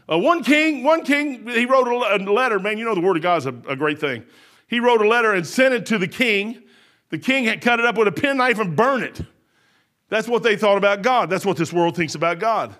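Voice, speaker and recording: A man's voice: high-pitched, expressive, brisk, fairly bright tone. A man preaching a sermon in a folksy, rambling way, full of restarts.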